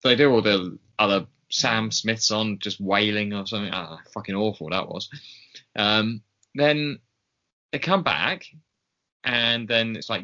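A man's voice: fairly low pitch, unhurried, bright, forceful tone. A man co-hosting a podcast in casual chat, talking in a chatty, hesitant way with many ums. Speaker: podcast co-host. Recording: slightly dull lo-fi sound.

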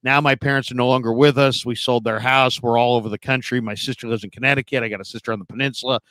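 A man's voice: mid-range voice, fairly even intonation, fast, fairly bright tone, no echo. A middle-aged man co-hosting a sports talk show, easygoing and rambling in casual chat.

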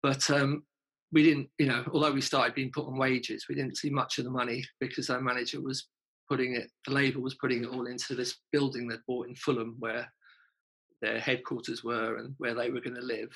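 A man's voice: mid-range voice, little pitch movement, brisk, gravelly, a bit bright, husky, rough recording. A man, a musician being interviewed, telling anecdotes in a chatty way, laughing and swearing freely. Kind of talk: casual anecdotal storytelling.

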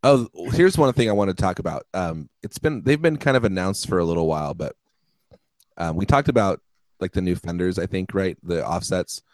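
Low, dry-sounding male podcast co-host, chatty with easy laughs. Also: lively intonation, brisk, darkish tone, no echo, low-quality recording. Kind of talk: casual chat.

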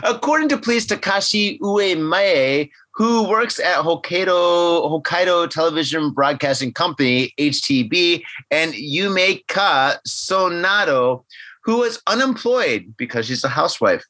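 A man hosts a podcast in a high, bright, lively voice that jumps around a lot. He jokes excitably and laughs often between the news stories he reads. The sound is close and dry. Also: unhurried, dry recording. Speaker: podcast host. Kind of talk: casual podcast banter.

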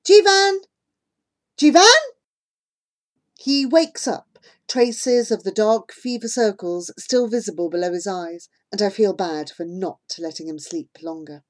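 A woman narrating a children's novel in first person as an audiobook, calm and measured. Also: mid-range voice.

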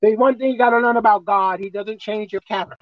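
A woman preacher delivering a folksy, emphatic sermon, swinging between shouting and hushed tones. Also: mid-range voice, steady tone, fast talker, dry recording, dull audio. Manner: folksy, colloquial.

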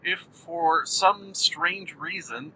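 Goofy podcast host talking while driving. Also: male voice, fairly high pitch, extremely slow, sharp tone, slight background noise, poor audio. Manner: goofy, jokey, rambling. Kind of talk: casual solo monologue. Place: in a moving car.

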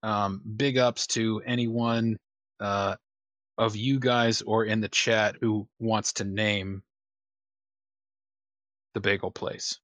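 A man's voice: on the low side, steady tone, slow pace, long pauses, fairly bright tone, no room sound. A man chatting loosely while playing a tabletop game on a live stream, rambling with many fillers and some swearing. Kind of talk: casual streamed game chat.

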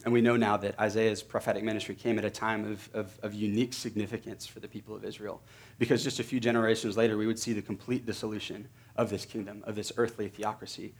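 A man delivers a sermon from the pulpit in a fairly low voice. He speaks earnestly and leans into repeated words for emphasis. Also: level tone, fast, husky. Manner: earnest, builds to emphatic repetition. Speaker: pastor.

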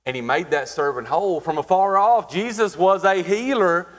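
A man preaching a sermon, asking the congregation questions and pausing for emphasis. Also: sits high. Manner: preaching with rhetorical questions and dramatic pauses. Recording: hall reverb.

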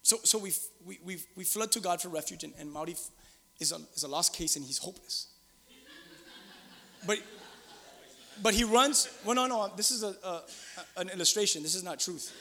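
A middle-aged man preaching a sermon in a church. He talks animatedly, swinging between loud exclaiming and hushed asides. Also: high-pitched, normal speed, long reverb tail. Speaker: pastor. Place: church sanctuary.

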